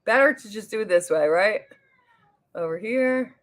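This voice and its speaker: A woman's voice: mid-range voice, lively intonation, normal speed. A woman with a New Jersey accent hosting a casual makeup livestream. She chats with viewers and reads their comments aloud, often trailing off mid-sentence while she works on her makeup. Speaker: beauty livestream host.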